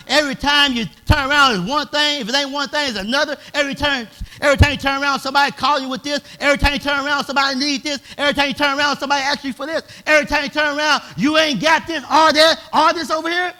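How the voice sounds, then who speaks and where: High, bright-voiced preaching pastor. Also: male voice, fairly even intonation, quick pace, hardly any pauses. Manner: preaching in a dialect, swelling to shouts. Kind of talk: sermon.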